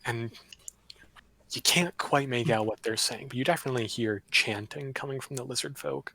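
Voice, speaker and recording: A man's voice: medium pitch, moderate pace, dry recording. Man running a casual tabletop game master. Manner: casual, relaxed rulings with dry asides.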